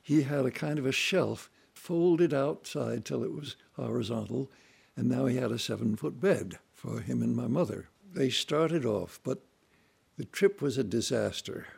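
A man telling family stories in a relaxed, folksy way, acting out voices and sounds as he goes. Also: mid-range voice, measured pace, vocal fry, slightly rough. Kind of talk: relaxed anecdotal storytelling.

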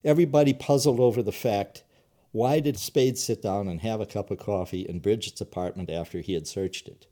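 Man, former private eye, interview guest, animated, mellow voice. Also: lowish voice, fairly quick. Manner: animated, storytelling, blunt. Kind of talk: casual interview talk.

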